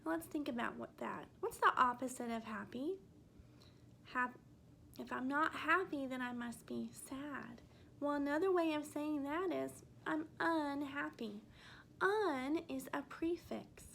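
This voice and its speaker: A woman teaching a first grade phonics lesson, speaking gently and spelling out letters slowly for young children. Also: high voice, gravelly, a little hiss or hum.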